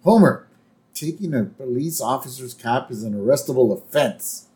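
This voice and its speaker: A man's voice: medium pitch, moderate pace, mellow. A man co-hosting a podcast, casually narrating an episode's plot with laughs and quoted lines. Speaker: podcast co-host. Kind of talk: casual chat retelling an episode.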